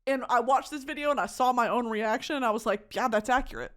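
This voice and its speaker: A woman's voice: fairly high pitch, fast, a bit bright. A young woman podcast host telling comic stories casually, swearing, laughing often and jumping into voices. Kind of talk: casual comedic storytelling.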